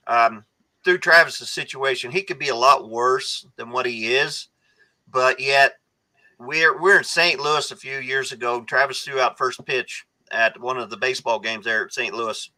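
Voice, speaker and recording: Earnest man telling stories, bright voice. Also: mid-range voice, poor audio. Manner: earnest storyteller with frequent restarts. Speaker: guest, foundation founder. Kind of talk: casual podcast conversation.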